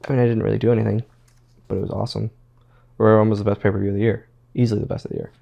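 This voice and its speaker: A man's voice: on the low side, little pitch movement, rapid-fire, creaky, dull audio. A man, a former pro wrestler, telling stories as a guest in a casual interview, rambling and repeating words as he quotes others.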